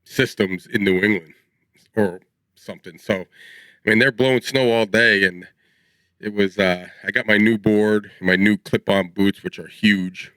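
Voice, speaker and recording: Guy in his 40s rambling on a podcast, bright voice, dry close mic. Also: lowish voice, fairly even intonation, measured pace, dry recording, low-quality recording. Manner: rambling storyteller, laughs mid-sentence. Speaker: podcast co-host. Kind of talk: casual chat.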